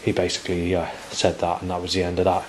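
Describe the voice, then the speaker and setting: A man's voice: sits low, monotone, fast, a little hiss or hum, rough recording. A man in his forties, recording a rambling monologue to camera outdoors and circling back over his words. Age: 40s. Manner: rambling, repetitive, with frequent restarts. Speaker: vlogger.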